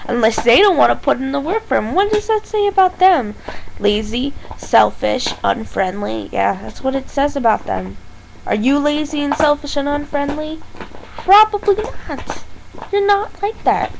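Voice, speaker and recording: Young woman vlogger, high voice, blunt and sarcastic rant, faint hiss behind. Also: expressive, moderate pace, creaky, poor audio. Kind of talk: ranting vlog monologue.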